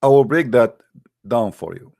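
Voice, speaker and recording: A man with a middle-pitched voice gives a heated online talk, repeatedly pressing his listeners with rhetorical questions. He calls the audience guys, speaks with non-native grammar, and often restarts his sentences. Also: lively intonation, moderate pace, creaky, mellow. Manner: addresses the audience directly as guys. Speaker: religious debate speaker.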